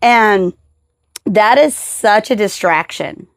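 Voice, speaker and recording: A woman hosting a podcast, a mother and caregiver who tells stories in a lively, casual way and acts out the people she quotes. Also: mid-range voice, slow, no room sound, clean studio sound. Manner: animated storyteller acting out quotes. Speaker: podcast host; mother and caregiver of a child with seizures. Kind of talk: casual storytelling interview.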